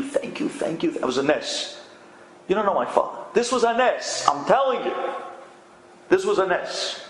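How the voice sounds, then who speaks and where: A man, a rabbi, telling an inspirational story in a dramatic way, dropping to hushed tones and rising to loud exclamations. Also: sits high. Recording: echoey room with faint ambient noise.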